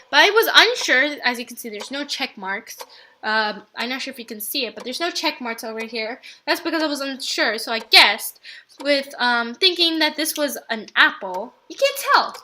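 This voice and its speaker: A young woman giving chatty, self-mocking commentary while playing a game, swinging between low mumbles and sudden loud outbursts. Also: animated, moderate pace. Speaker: gaming YouTuber. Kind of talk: let's play commentary. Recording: faint game music behind.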